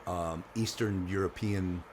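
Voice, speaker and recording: A male podcast co-host with a very deep voice. He talks bluntly and casually, with the odd curse. A faint hiss runs under the talk. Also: steady tone, unhurried. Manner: blunt, profane, laid-back.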